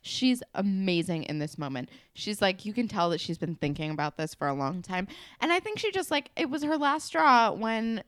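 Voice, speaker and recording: A woman's voice: medium pitch, big pitch swings, moderate pace, fairly bright tone, smooth, dry recording, clean studio sound. A young woman co-hosting a podcast, chatting casually and enthusiastically, with emphatic swearing. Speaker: podcast co-host. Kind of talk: casual recap chat.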